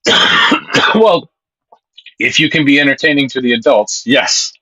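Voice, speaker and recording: A man streaming live, chatting casually with his viewers and reading their comments. He rambles and gets excited, and he swears freely. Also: medium pitch, measured pace, slightly rough, no room sound, poor audio.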